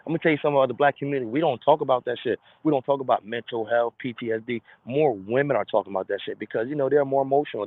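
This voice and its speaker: A man talking in a casual monologue, blunt and profane, slipping into quick impressions of other people. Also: medium pitch, no room sound. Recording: tinny phone-like sound.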